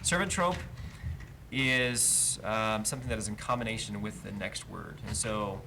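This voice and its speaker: Gravelly-voiced man teaching Hebrew chant. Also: on the low side, steady tone, moderate pace. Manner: explains patiently, then chants trope names. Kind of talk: verse-by-verse cantillation lesson. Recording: livestream with faint noise.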